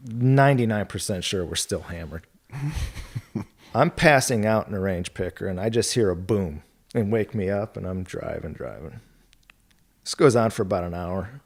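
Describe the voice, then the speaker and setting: A man's voice: on the low side, husky. A middle-aged man telling rambling golf anecdotes in casual podcast talk, quoting others and laughing as he goes. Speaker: golf club territory manager guest.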